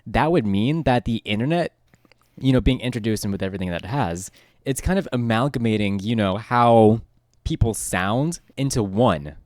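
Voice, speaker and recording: A young man from the American South who has no Southern accent talks in a relaxed, musing way on a casual podcast. His voice sits at a middle pitch and he leans on fillers as he thinks aloud. The sound is dry and close-miked. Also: moderate pace, dry recording. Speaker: podcast co-host. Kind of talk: casual chat.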